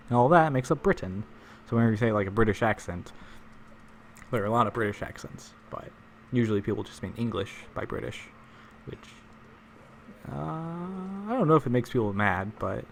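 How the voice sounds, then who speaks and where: A man's voice: on the low side, a little hiss or hum. A man live-streaming a game, chatting casually with viewers, joking and rambling with frequent chuckles.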